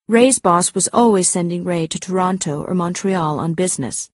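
A woman narrating a story aloud in a clear, measured storytelling manner. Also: lowish voice, no room sound, clean studio sound. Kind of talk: scripted audiobook narration.

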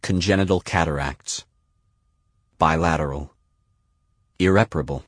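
A man reading scripted literary narration in a measured, unhurried, deliberate way. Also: sits low, no echo, clean studio sound. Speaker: audiobook narrator.

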